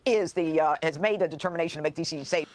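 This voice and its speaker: A woman's voice: low-pitched, quick pace, a little mellow, no room sound. A woman speaking firmly and emphatically as a prosecutor in an interview. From New York. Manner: firm, emphatic. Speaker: prosecutor in a played interview clip.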